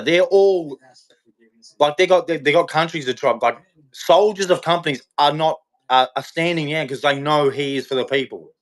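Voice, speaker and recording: This is a man's slightly high, fairly bright voice as he hosts a live show in a hot room in Queensland. Speaking off the cuff, he gets heated, rambles, repeats himself and frequently restarts what he's saying.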